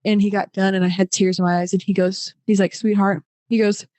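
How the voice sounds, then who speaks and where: A woman's voice: medium pitch, little pitch movement, fast, a little mellow, dry recording. Young woman guest on a podcast, talks loose and emotional, dead dry sound. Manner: casual, lots of fillers, emotional retelling. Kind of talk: podcast storytelling.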